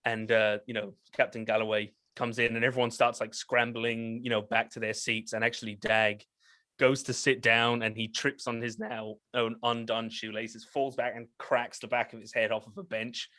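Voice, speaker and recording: A man's voice: medium pitch, level tone, moderate pace, bright, forceful tone, no room sound. A man narrating as game master of a tabletop game, rambling with many fillers and frequent laughs.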